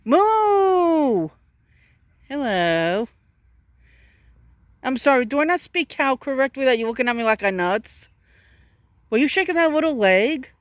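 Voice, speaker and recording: Out in a pasture with a handheld camera, a woman vlogs while sweet-talking cows and donkeys in a coaxing baby voice. Her voice is a little high, with no echo.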